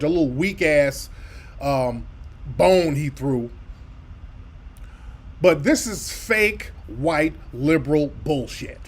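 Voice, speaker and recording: A man's voice: a little high, animated, a little slow, breathy edge. A man hosting a radio commentary show, reacting to clips in a blunt, profane, mocking way. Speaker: radio host. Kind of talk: commentary over played clips.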